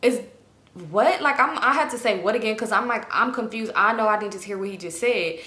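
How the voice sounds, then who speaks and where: A young woman telling a casual storytime, animated and profane. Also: medium pitch, quick pace. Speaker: YouTuber storyteller. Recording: roomy echo.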